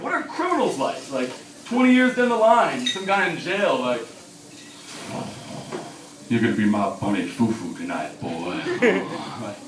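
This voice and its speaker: A young man performing a stand-up comedy set with an excitable, swearing delivery, acting out kids and other voices. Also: high-pitched, far from the mic, noisy background. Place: small bar stage with live audience. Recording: roomy bar recording from afar, crowd laughter.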